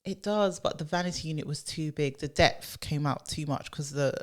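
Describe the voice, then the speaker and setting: A woman's voice: low-pitched, moderate pace. A woman co-hosting a podcast, chatting casually and laughing easily. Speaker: podcast co-host. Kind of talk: casual chat.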